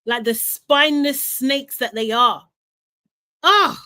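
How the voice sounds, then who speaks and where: A young woman hosting a live recap stream, talking in an animated, ranting way with quick laughs and repeated words. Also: a little high. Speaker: host of a live reality TV recap show. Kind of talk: casual live-stream chat.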